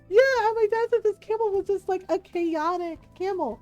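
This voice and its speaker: A high-pitched woman streamer chats casually as she plays a video game, telling a long story in a loose, rambling way. She leans on fillers like "like" and "right?" and breaks into laughter often. Faint game music runs quietly underneath her voice. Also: normal speed, muffled recording. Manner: laughs often while talking. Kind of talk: casual chat while playing a video game.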